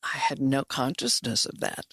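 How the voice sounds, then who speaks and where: A woman's voice: extremely low pitch, moderate pace, creaky, fairly bright tone, dry recording, clean studio sound. An older woman guest in a casual chat, playful and wandering, often restarting her sentences.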